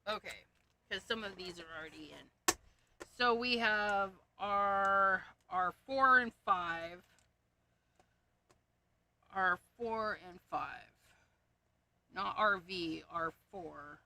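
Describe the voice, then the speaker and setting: Sorting markers on her crafting livestream, this woman chats casually to herself, reading off codes under her breath and laughing at her own jokes. Her mid-range voice is pushed and bright, and she speaks slowly with frequent pauses.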